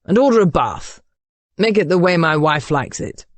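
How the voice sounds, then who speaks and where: A woman's voice: fairly low pitch, animated, moderate pace, dry recording. A woman doing a grumbly, disdainful young duke. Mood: commanding. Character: gruff young male duke, curt and disdainful.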